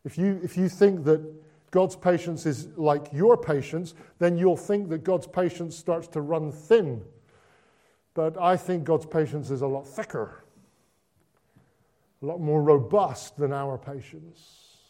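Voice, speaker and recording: A man giving a conversational Christmas sermon, moving between hushed and excited delivery with lots of repetition. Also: fairly high pitch, measured pace. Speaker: preacher.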